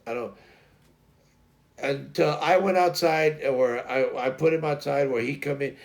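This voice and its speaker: A man's voice: on the high side, fairly even intonation, moderate pace, creaky. A man hosting a casual livestream from home, rambling loosely and talking to his dogs. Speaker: host.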